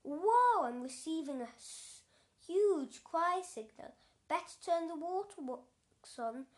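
A woman voicing an excitable eye numbskull that wants to start crying. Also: on the high side, measured pace. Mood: excited. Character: emotional eye numbskull inside a head.

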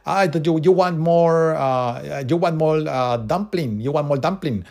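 A man's voice: on the high side, a little slow, vocal fry, darkish tone, voice pushed up. A man imitating a cheerful middle-aged woman serving food, with a Chinese accent and eager, repetitive, broken phrasing.

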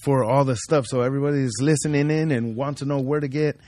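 A man's voice: mid-range voice, steady tone, quick pace, warm tone, no echo. A man hosting a casual podcast, talking in a chatty, slangy way with plenty of swearing. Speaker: podcast host. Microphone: studio microphone.

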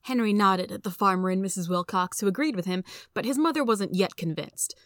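A woman's voice: mid-range voice, a little fast, no echo. A woman narrating a storybook, dry sound. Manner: steady, clear storytelling. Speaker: host and reader. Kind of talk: reading a story aloud.

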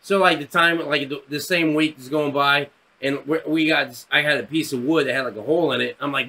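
A man's voice: a little high, steady tone, a little fast, bright, forceful tone, slight background noise. A man in his thirties, co-hosting a podcast, telling a rowdy story and acting out the voices in it, swearing freely. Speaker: podcast co-host. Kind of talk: casual storytelling chat.

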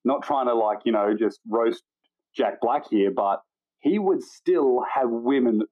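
A man's voice: mid-range voice, measured pace, dry recording, narrow, tinny audio. A man chatting casually as a co-host, making crude jokes and laughing along. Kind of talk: casual chat.

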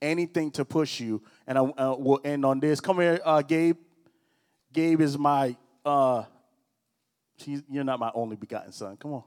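A man's voice: mid-range voice, normal speed, a little mellow, clear, resonant tone. A middle-aged man preaching a casual sermon, telling personal stories with teasing asides to the crowd. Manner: conversational, storytelling, teasing asides. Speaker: pastor. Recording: long hall reverb.

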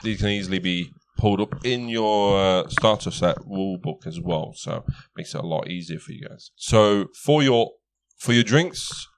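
A man's voice: fairly low pitch, normal speed, hardly any pauses, smooth. A man narrating a tabletop game as game master, chatty and laughing, often correcting himself.

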